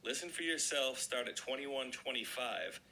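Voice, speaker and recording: A man with a slightly raspy voice hosting an online video, chatting casually and reading an article aloud to his viewers. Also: medium pitch, normal speed, pushed and bright, low-quality recording. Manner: chatty, addresses viewers as guys.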